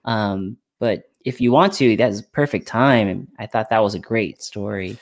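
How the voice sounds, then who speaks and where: A man's voice: fairly low pitch, normal speed. A man hosting a casual interview podcast, eagerly prompting his guests with questions. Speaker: podcast host.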